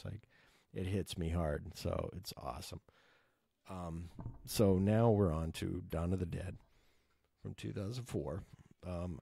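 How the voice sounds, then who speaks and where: Deep, dark-voiced man rambling about movies. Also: creaky, breathy edge, dry recording, studio quality. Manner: rambling, sweary, enthusiastic, with many fillers. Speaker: movie podcast host. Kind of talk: casual movie chat.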